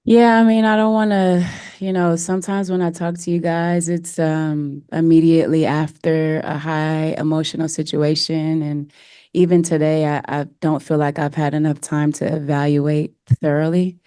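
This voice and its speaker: Woman coach, low flat voice, earnest and emotional at the presser. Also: moderate pace, smooth, no echo, clean studio sound. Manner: earnest, emotional, with many fillers. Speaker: head coach. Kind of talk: press conference answers.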